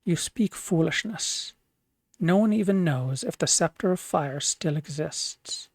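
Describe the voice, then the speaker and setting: Proud suspicious dwarf chief, scornful, slow delivery, dry sound, streamer-voiced. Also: medium pitch, lively intonation, dry recording. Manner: scornful, mocking laughter. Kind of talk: reading game dialogue aloud.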